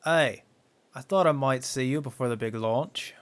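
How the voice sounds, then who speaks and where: A man's voice: medium pitch, moderate pace, fairly bright tone, close to an everyday voice. A man reading the lines of a teasing veteran male flight coach from a space game, in a wry, plain voice.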